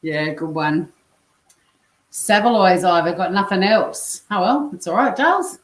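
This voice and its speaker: An Australian woman chats away on a casual livestream while cooking in her home kitchen, swearing casually and reading comments from viewers out loud. Her lowish voice is a little slow and reverberant.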